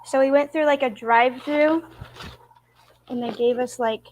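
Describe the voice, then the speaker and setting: A woman's voice: sits high, fairly even intonation, normal speed, dull audio. A woman from Idaho hosting her own channel, chatting casually and filling her talk with "like". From Idaho, United States. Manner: chatty, lots of "like". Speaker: channel host. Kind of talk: casual interview chat.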